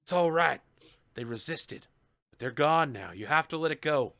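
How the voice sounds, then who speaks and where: A man's voice: fairly high pitch, expressive, normal speed, gravelly, pushed and bright, no room sound, studio quality, heavily acted. A man voicing a big, fatherly warrior who comforts a younger man through tears. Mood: consoling.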